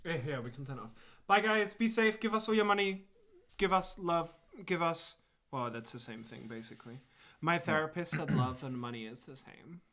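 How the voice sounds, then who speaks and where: A man's voice: on the high side, lively intonation, moderate pace, bright, forceful tone. A man hosting a casual livestream concert from a living room, joking and rambling as he signs off. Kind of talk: casual chat. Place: living room music space.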